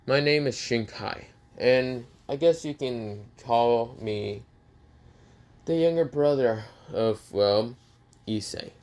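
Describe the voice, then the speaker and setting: A man's voice: medium pitch, slow pace, a little mellow, lightly acted. A man doing a cocky teenage rival. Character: cocky seventeen-year-old boy, rival brother.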